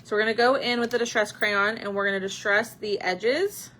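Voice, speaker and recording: A woman's voice: mid-range voice, steady tone, a little fast, fairly bright tone, slight background noise. A woman hosting a live craft stream, chatting casually with viewers and answering their comments while she paints.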